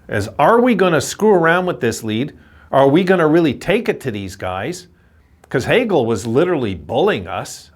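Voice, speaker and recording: Ranting frustrated male hockey fan. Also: medium pitch. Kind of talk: postgame rant.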